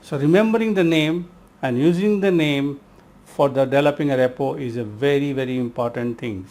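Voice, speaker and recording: A man's voice: mid-range voice, a little fast, a little mellow. A middle-aged man from India giving a spoken self-help lesson, emphatic and repeating key words, calling the listener his friend.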